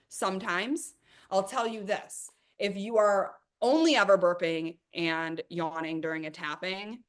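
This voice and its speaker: A middle-aged woman with a slightly low voice hosts a live money workshop. She talks emphatically and with energy, addressing her viewers directly as she answers their questions. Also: fairly bright tone. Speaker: host of a money coaching workshop.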